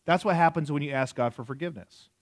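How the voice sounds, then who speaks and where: A man's voice: a little high, fast, no echo, clean studio sound. A man in his forties preaching a sermon in a conversational way, asking the audience questions and joking. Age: 40s. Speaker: pastor.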